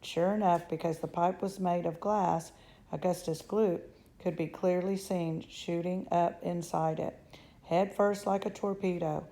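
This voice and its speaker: Woman narrator for a children's book reading, expressive, mellow grainy tone. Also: lowish voice, measured pace, low-quality recording. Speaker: storybook reader. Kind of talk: reading a children's novel aloud.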